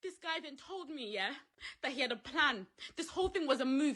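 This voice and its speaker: A woman in an emotional Instagram rant, crying, shouting and swearing accusations. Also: high-pitched, expressive, fairly quick. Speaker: person in an online dispute.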